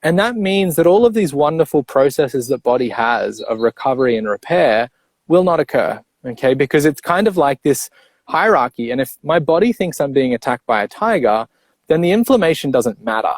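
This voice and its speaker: A man coaching on breathing, explaining step by step in a clear, teacherly way and checking in with the listener as he goes. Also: mid-range voice, animated, normal speed, dry recording. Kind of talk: explanatory interview talk.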